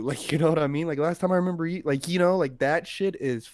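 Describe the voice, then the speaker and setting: A man's voice: a little high, fast, dry recording, studio quality. A man co-hosting a podcast, telling a story in slangy casual talk and acting out the people in it. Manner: animated, slangy, acts out quotes. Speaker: podcast co-host.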